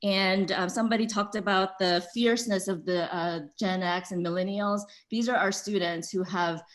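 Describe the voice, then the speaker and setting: A woman, the organizer, giving closing remarks in a halting way, full of ums and uhs. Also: mid-range voice, fairly even intonation. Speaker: event organizer.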